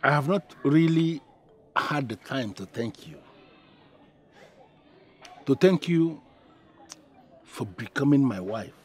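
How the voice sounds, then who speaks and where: An actor with a Nigerian accent playing an earnest, doting young husband in a film, speaking in a halting way. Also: male voice, mid-range voice, animated, slightly rough. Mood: affectionate. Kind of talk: Nollywood film acting.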